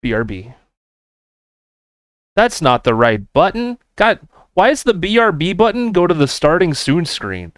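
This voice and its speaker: A man's voice: fairly high pitch, big pitch swings, measured pace, long pauses, dry recording. Chatty male game streamer. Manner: upbeat, chatty, talks to viewers. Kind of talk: casual live-stream chat.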